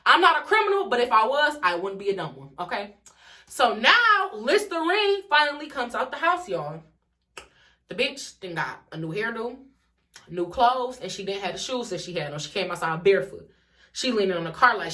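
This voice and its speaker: A young woman telling a storytime vlog, animated and profane, swinging from loud outbursts to low, muttered asides. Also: a little fast, recorded from a distance. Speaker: vlogger.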